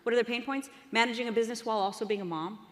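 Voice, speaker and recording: A woman with a fairly high, racing voice gives an upbeat, chatty live marketing presentation from a conference stage, addressing the audience. The hall is reverberant.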